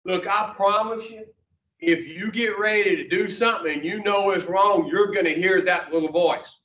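A man with a high, pushed, bright voice teaches a recovery class at a normal speed, blunt and folksy with some mild swearing. It's plain-spoken class talk, captured in a dull, echoey room from a distance.

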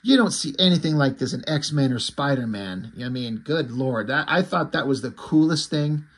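A man casually recapping a comic book, excited, loose and a bit profane. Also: mid-range voice, moderate pace, husky.

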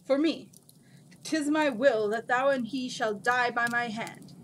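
A woman's voice: a little high, unhurried, a bit bright, a little hiss or hum, rough recording. A woman voicing a stern male djinn giant who speaks in grand, archaic pronouncements in a storybook reading. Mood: booming.

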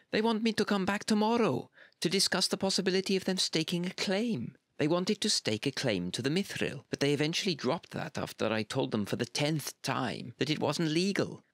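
Fed-up bureaucrat, ranting and indignant, gravelly edge, dry sound, voiced by a male narrator. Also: fairly high pitch, fairly bright tone, dry recording, voice pushed up. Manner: ranting, emphatic complaints. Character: exasperated male civil servant, indignant and fed up.

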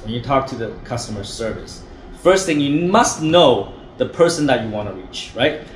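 A man's voice: mid-range voice, slight background noise. Blunt, profane male sales coach. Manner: blunt, profane, pushy, keeps asking "right?". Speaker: sales trainer and company managing director. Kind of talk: direct-to-camera sales coaching. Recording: echoey room with faint ambience.

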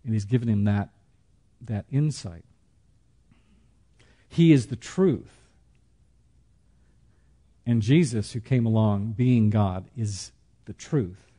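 A man teaching a church study class in a conversational way, with joking asides and slow, emphatic pauses. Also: medium pitch, dark tone, husky.

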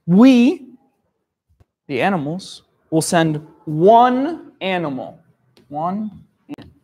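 A man's voice: sits high, sing-song, extremely slow, warm tone, slightly rough, exaggerated voice. A man voicing the animal kings of a children's story, making firm, emphatic demands. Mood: pleading. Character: animal kings pleading with the lion.

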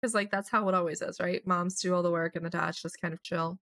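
A young woman hosting a casual let's play, chatting through her game and voicing quick lines for her characters. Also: lowish voice, flat delivery, a bit bright, no room sound. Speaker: gaming channel host.

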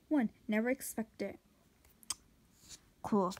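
A woman's voice: a little high, unhurried, vocal fry, darkish tone, breathy edge, rough recording. A young woman vlogger in casual commentary, exclaiming and dropping into whispered asides.

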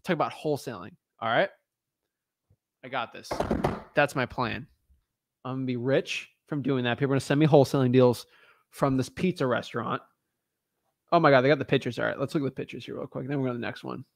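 Here a real estate wholesaler delivers casual vlog commentary, animatedly joking and thinking out loud to himself as he scrolls through listings for his viewers. He speaks fairly quickly at medium pitch, his voice gravelly, with long pauses. The sound is clean studio audio with no room sound.

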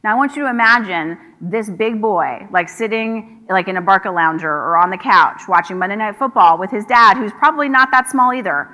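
A woman's voice: on the high side, bright, forceful tone. A woman giving a conference keynote, telling a story conversationally and acting out the people she quotes. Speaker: keynote speaker. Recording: hall reverb from a large venue.

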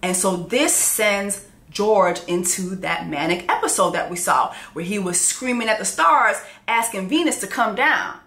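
A woman recapping a TV show in a brash, animated manner, swearing freely as she goes. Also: mid-range voice, unhurried. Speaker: show reaction host. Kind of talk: profane TV recap commentary. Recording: echoey room.

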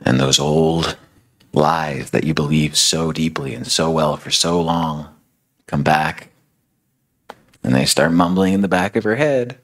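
A man's voice: a bass voice, measured pace. A male preacher retelling a story in a sermon, conversational and dramatic, with casual fillers.

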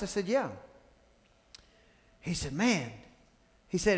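A man's voice: sits high, lively intonation, slow, long pauses. A man, a pastor, preaching a sermon, telling stories with quoted dialogue and calling on the congregation to respond. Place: church sanctuary. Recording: long reverb of a large church hall.

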